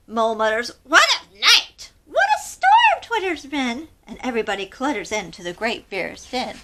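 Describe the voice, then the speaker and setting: A woman with a slightly high, somewhat bright voice hosts a children's storytime. She reads aloud expressively in a sing-song manner and stops to ask the kids questions.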